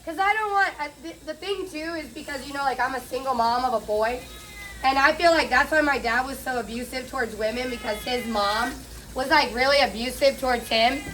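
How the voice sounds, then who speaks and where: A woman's voice: sits high, brisk, a bit bright, rough recording. Middle-aged woman, candid rambling groomer chat, light hiss underneath. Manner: chatty, candid, swears freely. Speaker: pet groomer vlogger. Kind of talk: casual chat while bathing a cat.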